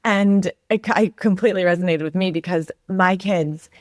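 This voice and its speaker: A woman in her thirties hosting a casual interview, enthusiastic and quick to laugh. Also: on the low side, no echo, studio quality. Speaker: podcast host.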